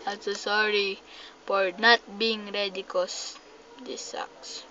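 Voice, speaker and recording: Young Filipino-accented woman, slow-talking, skittish game commentary, dull lo-fi phone recording with faint hiss. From Philippines. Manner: jumpy, excitable, swings between loud panicked cries and low mutters. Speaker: gamer. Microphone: phone mic.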